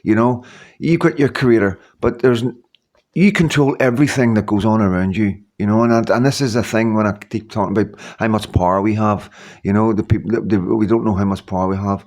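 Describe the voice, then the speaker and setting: A man's voice: on the low side, fairly even intonation, brisk, darkish tone. A man in his fifties giving a rambling, earnest motivational talk to his viewers, full of repeats and "you know what I mean". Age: 50s. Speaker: YouTuber.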